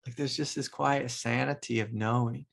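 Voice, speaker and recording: A man speaking as a spiritual teacher, his voice a little gravelly and sitting at an ordinary pitch. He talks in a loose, reflective way, filling pauses with "like" and soft laughs. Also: fairly even intonation. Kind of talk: casual spiritual talk.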